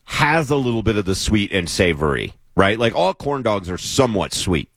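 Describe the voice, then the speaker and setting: Man, radio talk host, lively pitch, playful skeptical banter, dry studio sound. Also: normal speed, vocal fry, dry recording. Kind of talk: casual on-air banter.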